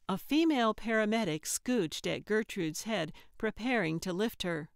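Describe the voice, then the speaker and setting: A woman narrating a cozy mystery audiobook with steady, even storytelling. Her voice is smooth and clear at a slow pace, recorded close and dry. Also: mid-range voice, no room sound.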